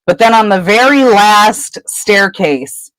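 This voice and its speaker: A woman co-hosting a podcast, retelling a book chapter in casual chat with lively storytelling. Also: mid-range voice, slow, no room sound, poor audio. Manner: animated storytelling. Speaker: podcast co-host.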